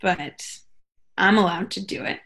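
A young woman co-hosting a podcast, chatting casually and telling animated stories with quoted asides. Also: lowish voice, measured pace, vocal fry. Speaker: podcast co-host. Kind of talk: casual chat.

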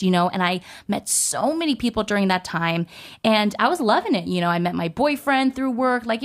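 A young woman, an entertainment host, chatting casually as she tells a story about her career. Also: lowish voice. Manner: chatty, animated, acts out quoted voices.

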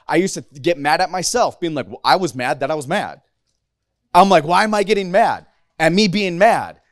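A man's voice: a little high, no room sound, studio quality. A man in his thirties giving a casual, emotional sermon to a youth group, candid and rambling with frequent restarts. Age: 30s.

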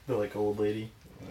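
A man's voice: fairly low pitch, warm tone. A man co-hosting a podcast, mostly adding short questions and reactions to the conversation. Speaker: podcast co-host. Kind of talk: casual chat. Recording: noisy echoey room.

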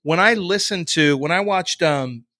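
Chatty guy cohosting a podcast, bright kinda sharp voice, rambles a bit. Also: on the high side, a little slow, dry recording, studio quality. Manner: chatty storyteller, trails off and restarts. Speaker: podcast co-host. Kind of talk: casual chat.

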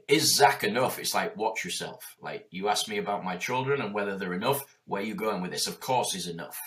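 A man's voice: sits low, a little fast, a bit bright. A man in his forties speaking in a passionate, emphatic and heavily profane conversational way as a guest. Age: 40s.

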